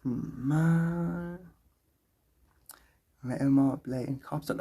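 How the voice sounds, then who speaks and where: South African male streamer, husky and rough-edged, casual and rambling, reads chat aloud. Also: medium pitch, moderate pace, darkish tone. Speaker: livestreamer.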